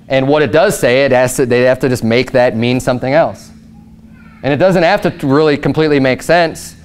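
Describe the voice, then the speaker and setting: A young man preaching a sermon as pastor, in a Southern American accent, impassioned and rising to loud emphatic peaks. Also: mid-range voice.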